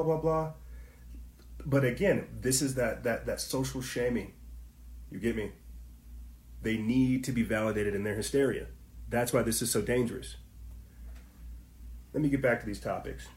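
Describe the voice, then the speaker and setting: A man's voice: medium pitch, darkish tone, echoey room. A man hosting a passionate commentary stream, firing off rhetorical questions and talking to his viewers in slangy asides. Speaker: online commentary host. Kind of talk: impassioned livestream commentary.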